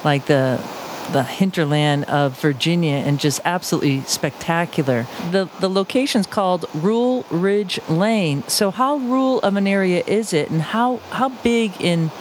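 A man's voice: high-pitched, moderate pace, slight background noise. A man hosting a podcast, talking in an upbeat, chatty, rambling way while introducing a guest. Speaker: podcast host.

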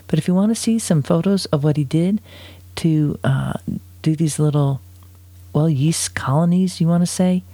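A man's voice: on the high side, dark tone, dry recording. Chatty upbeat podcast host man. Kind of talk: podcast intro and interview.

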